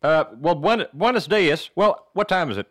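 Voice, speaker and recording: A man's voice: on the high side, animated, fairly bright tone, dry recording, studio quality. A man putting on a Southern drawl as a proud speaker. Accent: put-on American Southern. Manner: halting, stumbling over Spanish words. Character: proud Mexican-born man giving a heritage speech.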